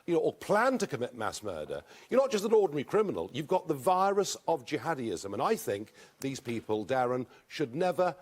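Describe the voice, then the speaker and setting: A man answering questions in a televised debate, forceful and emphatic, repeating words for stress. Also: medium pitch, sing-song, brisk, hardly any pauses. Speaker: party leader in a televised debate.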